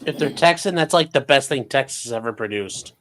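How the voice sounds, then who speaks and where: A man's voice: mid-range voice, expressive, a little fast, a bit bright. A man hosting a comedic commentary, full of sarcastic joking asides. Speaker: host.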